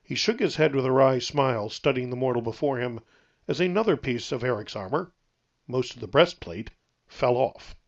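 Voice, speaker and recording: A man narrating his own novel aloud in a steady, even storytelling read. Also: medium pitch, normal speed, dull audio.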